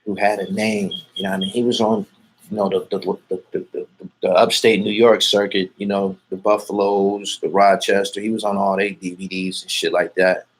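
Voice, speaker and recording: A man's voice: lowish voice, level tone, fairly quick, breathy edge. Boastful, profane man talking casually. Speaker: interviewee. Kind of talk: casual street talk.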